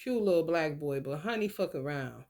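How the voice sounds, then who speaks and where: A woman's voice: deep voice, lively intonation, moderate pace, a little mellow. A woman who reads tarot, ranting in a casual spiritual vlog with blunt, emphatic and profane speech.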